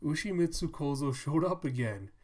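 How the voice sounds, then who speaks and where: A man voicing a crowd of poor but cheerful townsfolk while reading a manga aloud, loud and folksy. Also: a little high, animated, normal speed, natural voice. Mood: jolly.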